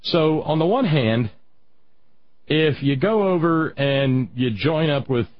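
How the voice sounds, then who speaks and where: A man hosting a political talk show, rambling and halting, reading out chat comments, with a husky voice. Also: a little high, animated, no room sound. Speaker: radio talk host. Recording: dull lo-fi radio sound.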